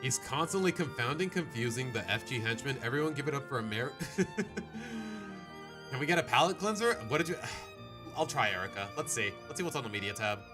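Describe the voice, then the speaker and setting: Animated man reacting on a live stream. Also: mid-range voice, brisk, music in the background. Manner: animated, sighing, groaning and laughing. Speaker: livestreamer reacting to videos.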